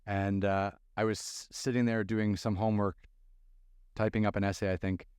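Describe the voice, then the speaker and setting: A man's voice: on the low side, normal speed, clean tone, no room sound, studio quality. A man from Canada in his thirties hosting a podcast, telling stories casually and using "like" a lot. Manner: storytelling, relaxed, says "like" often. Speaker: podcast host.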